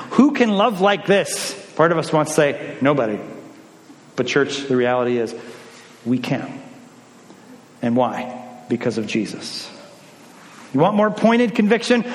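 A man preaching a sermon, swinging between emphatic lines and hushed ones. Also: a little high, a little hiss or hum. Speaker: pastor. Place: church sanctuary. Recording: long church reverb.

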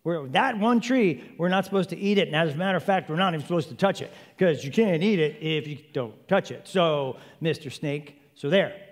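A man's voice: on the high side, lively intonation, a little fast, hardly any pauses, in a large hall, natural voice. A man voicing Eve as a flustered, defensive young woman during a sermon.

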